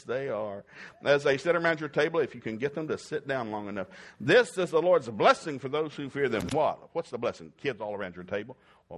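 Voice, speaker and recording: Folksy joking male preacher. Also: mid-range voice. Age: middle-aged. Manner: folksy, joking, swings from loud whoops to quiet talk. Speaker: pastor. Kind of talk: sermon.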